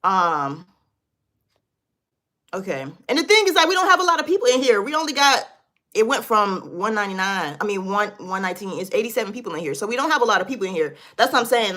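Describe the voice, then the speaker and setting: A woman's voice: mid-range voice, sharp tone. A woman hosting a casual beauty livestream from her desk, chatting loosely and talking straight to her viewers while reading their comments.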